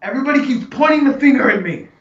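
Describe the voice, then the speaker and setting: Man putting on scared old man, shrill yelling, much higher than his own voice, echoey room. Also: animated, racing, recorded from a distance, dull audio. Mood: panicked. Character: panicked frightened old man NPC.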